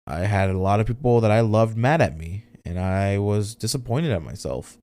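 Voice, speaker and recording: A young man hosting a solo podcast, speaking candidly in a halting, emotional way, near tears and swearing often. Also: fairly low pitch, warm tone, no echo, studio quality. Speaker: podcast host.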